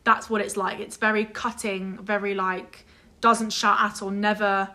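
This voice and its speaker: A young woman telling a story in casual chat, animated and exasperated, swearing freely and mimicking others. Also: medium pitch, a little slow. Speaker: vlog guest telling a story.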